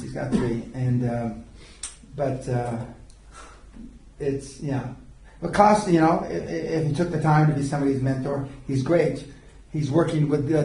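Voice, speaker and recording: A man's voice: a little high, warm tone. An older man giving a seminar, telling rambling stories in a blunt, profane way. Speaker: seminar speaker and mentor. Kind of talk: seminar lecture. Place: seminar room. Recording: echoey room from far off.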